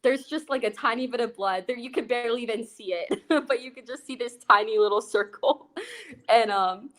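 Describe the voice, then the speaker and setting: A young woman, an aquarist, telling a funny work story in a bubbly, excitable, casual way with plenty of fillers. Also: on the high side, normal speed. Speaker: aquarist guest.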